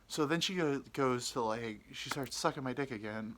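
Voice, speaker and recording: Young man, casual comic storytelling, rambling, crude, lots of "like" fillers, bright tone, middle pitch. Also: a little fast, hardly any pauses, slight background noise. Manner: rambling, crude, full of "like" fillers, acts out quotes. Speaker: podcast storyteller.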